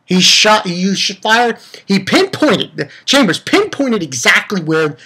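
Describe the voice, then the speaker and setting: A man's voice: high voice, big pitch swings, slow pace, sharp tone, slightly rough. A young man giving a rambling, profane, casual recap of an anime episode, full of restarts. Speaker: anime reviewer.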